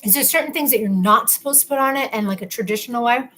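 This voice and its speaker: A woman's voice: on the high side, fast, a bit bright, a little hiss or hum. A young woman hosting a casual live stream, reading viewer comments in a chatty, playful, teasing way, sometimes talking with her mouth full as she eats. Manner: talks with her mouth full while eating.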